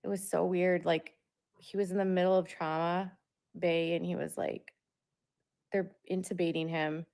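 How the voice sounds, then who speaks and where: Young adult woman, low and gravelly, rambling casual vlog talk. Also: little pitch movement, normal speed, darkish tone. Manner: rambling, talks through filler words. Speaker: parent vlogger. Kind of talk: casual monologue to viewers.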